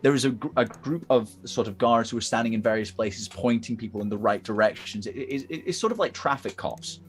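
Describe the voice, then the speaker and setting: A man's voice: mid-range voice, a little fast. A man narrating as dungeon master, rambling and hesitant with many fillers. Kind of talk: narrating a tabletop game.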